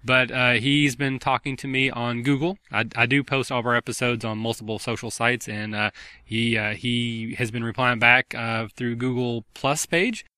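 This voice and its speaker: A man's voice: mid-range voice, fairly even intonation, moderate pace, pushed and bright, clear, resonant tone, no room sound. A man hosting a gaming podcast, chatting in a friendly, rambling way with lots of fillers. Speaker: podcast host. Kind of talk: casual podcast chat.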